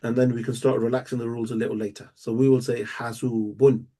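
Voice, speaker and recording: Male language teacher, patient and methodical, drills words slowly. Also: medium pitch, little pitch movement, mellow. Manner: patient, explains step by step, repeats words slowly. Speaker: Arabic teacher. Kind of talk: live one-on-one language lesson.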